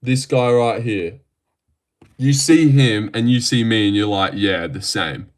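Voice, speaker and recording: A man's voice: mid-range voice, a little slow. A young man hosting a casual livestream, reading viewer comments aloud and bantering back in a joking way. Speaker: livestream host. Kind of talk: casual live-stream chat.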